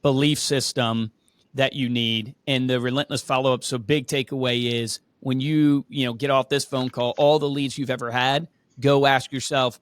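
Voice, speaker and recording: A man's voice: mid-range voice, no echo. A man hosting a call-in podcast, giving direct coaching advice and checking in with "right?". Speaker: podcast host.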